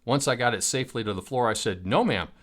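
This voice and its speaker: A man's voice: mid-range voice, quick pace, fairly bright tone. An American man telling a personal travel story in a wry, self-mocking way. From United States.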